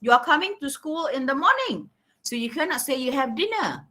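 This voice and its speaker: A woman's voice: sits high, big pitch swings, brisk, pushed and bright. A woman teaching an exam coaching lesson, giving emphatic, repetitive instructions to her students. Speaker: English teacher.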